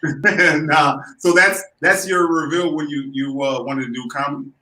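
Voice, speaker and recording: A man, a comedian, joking loudly and in slang. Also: on the high side, steady tone, a little slow. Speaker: comedian guest. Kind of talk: casual comedians' chat. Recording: echoey room.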